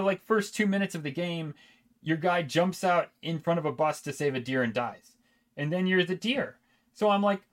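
A man chatting casually about video games on a podcast, rambling with frequent restarts and laughs. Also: a little high. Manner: rambling, laughing, self-interrupting. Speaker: podcast co-host. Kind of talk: casual gaming chat.

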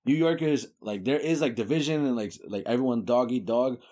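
A young man with a New York accent, talking loosely and full of slang, his pitch sitting right in the middle for a man. He fills his sentences with likes and you-knows and sounds relaxed in casual conversation. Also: a little fast. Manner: slangy, laid-back, full of fillers. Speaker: guest. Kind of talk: casual chat.

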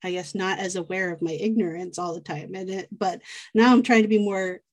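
A woman's voice: on the low side, fairly even intonation, a little fast. American woman chatting casually. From United States. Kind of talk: casual conversation.

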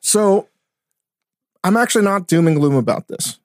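A man co-hosting a casual podcast, talking in an animated way, swearing often and restarting his sentences. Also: sits high, moderate pace, dry recording, clean studio sound. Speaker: podcast co-host, chef. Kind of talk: casual chat. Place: studio.

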